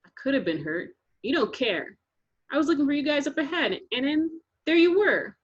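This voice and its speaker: A woman doing a loud, teasing schoolgirl. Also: high-pitched, expressive, normal speed, voice pushed up. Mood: wheedling. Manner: sing-song, teasing, sprinkles Spanish words. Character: loud showy eleven-year-old girl, bouncy tease. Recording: dull lo-fi recording.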